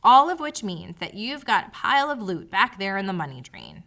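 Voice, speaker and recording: A woman reads a blunt, worldly male cat who talks drily and without patience. His voice sounds bright and edged, with a lively tone that moves up and down. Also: medium pitch, moderate pace, gravelly, exaggerated voice. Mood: dry, impatient.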